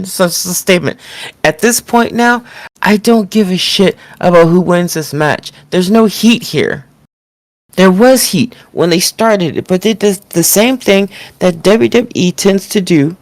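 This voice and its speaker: A woman's voice: medium pitch, no echo. A woman co-hosting a wrestling podcast, ranting casually with lots of swearing and mocking impressions. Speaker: podcast co-host.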